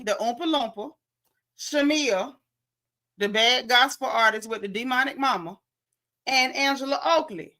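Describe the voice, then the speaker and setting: Her voice is a little high, bright and forceful as she hosts a laid-back gossip show in a Southern American accent. Blunt and sassy, she addresses her viewers directly.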